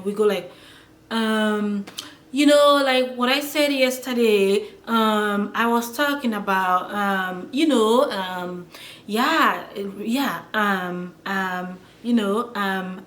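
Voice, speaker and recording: A woman explains pronunciation at an unhurried, drawn-out pace, stopping and restarting as she searches for words. Her voice sits at a middle pitch. The room around her rings with noticeable echo. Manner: slow, halting, many fillers and restarts. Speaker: language teacher.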